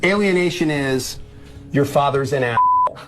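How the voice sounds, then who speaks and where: A man who works as a family lawyer explains his point, acting out little examples as he goes. His pitch moves in a lively way, and his delivery stays animated and engaged. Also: moderate pace.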